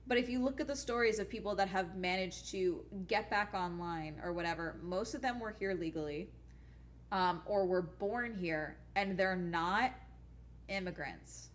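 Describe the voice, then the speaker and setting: A woman's voice: medium pitch, moderate pace. Blunt, swearing young woman streamer. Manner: animated, blunt ranting with frequent swearing. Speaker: YouTuber streamer. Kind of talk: casual live-stream chat while gaming.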